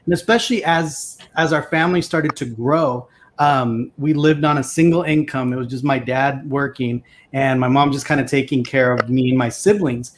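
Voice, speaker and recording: A man from Mexico, a native Spanish speaker, telling his story in a relaxed, casual way and often checking in with "right?". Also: mid-range voice, normal speed, hardly any pauses. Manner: relaxed, tags sentences with "right?". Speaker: guest panelist.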